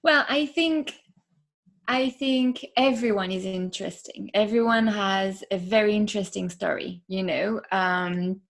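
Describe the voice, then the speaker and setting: Woman guest in a relaxed interview, chatty, lots of fillers, gravelly fry. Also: medium pitch, measured pace. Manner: chatty, many fillers, soft laughs. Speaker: podcast host, interview guest. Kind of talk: casual interview conversation.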